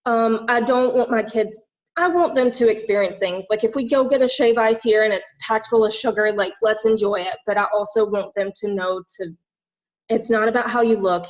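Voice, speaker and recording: A woman's voice: on the high side, normal speed. Young southern gal telling her coaching story, super rambly, like like literally, kinda muffled lo-fi audio. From Southern United States. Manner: rambling, heartfelt, full of "like" and "literally". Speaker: fitness and nutrition coach. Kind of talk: personal testimony at a group info session.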